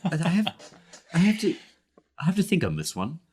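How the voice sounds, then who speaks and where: A man playing a tabletop game, talking in halting, hesitant bursts full of "like". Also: fairly high pitch, wildly swooping pitch, dark tone, husky. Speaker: player.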